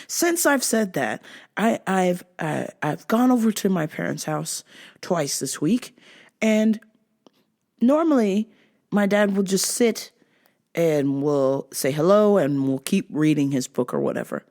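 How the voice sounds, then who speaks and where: A woman hosting a vlog, telling a comic story in an animated, laughing, foul-mouthed way. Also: lowish voice, measured pace. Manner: animated, laughing, heavy swearing. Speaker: vlog host. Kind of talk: casual comedic monologue.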